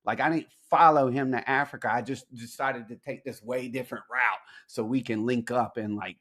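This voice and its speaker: A man from spins a long story as a podcast guest, full of slang and swearing. He keeps slipping into the other people's lines as he tells it, in a voice of ordinary middle pitch. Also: normal speed. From Alabama, USA. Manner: slangy, profane, animated storyteller acting out quoted dialogue. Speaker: podcast guest, military veteran. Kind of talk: casual storytelling in a podcast interview.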